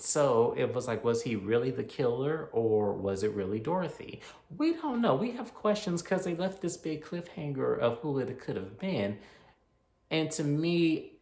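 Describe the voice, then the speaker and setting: A man giving a casual movie review, retelling the plot in an animated, opinionated, slangy way. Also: lowish voice. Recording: roomy echo.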